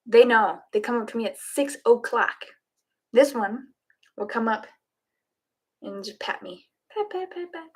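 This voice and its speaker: A woman's voice: fairly high pitch, expressive, unhurried, long pauses, a little mellow, breathy edge. A woman chatting casually and giggling with her students and her cats before a live online yoga class. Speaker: yoga instructor.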